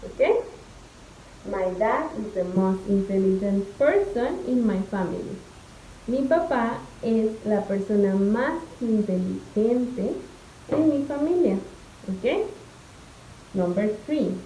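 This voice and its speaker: A young woman from Mexico, teaching an English lesson slowly and patiently, spelling out each step. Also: medium pitch, lively intonation, mellow, a little hiss or hum. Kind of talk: recorded online lesson. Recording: echoey room.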